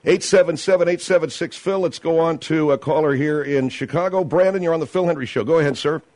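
A man hosting a talk radio show, exasperated and quick to cut callers off. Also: a little high, darkish tone, no room sound.

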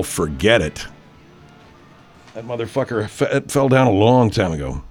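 A man in his sixties hosting a live stream, rambling in profane, animated casual chat. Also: mid-range voice.

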